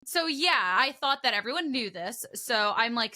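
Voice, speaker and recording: Bright high-voiced woman telling a story. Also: brisk. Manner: animated storytelling with frequent laughter. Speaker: podcast co-host and broadcast commentator. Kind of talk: casual podcast chat, storytelling.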